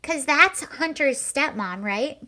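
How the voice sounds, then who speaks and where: A woman with a somewhat high voice hosts a casual livestream. She chats sarcastically, laughs often and reads viewer comments aloud. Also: expressive, slow pace, pushed and bright. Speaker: livestream host. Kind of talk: casual chat reacting to clips and comments.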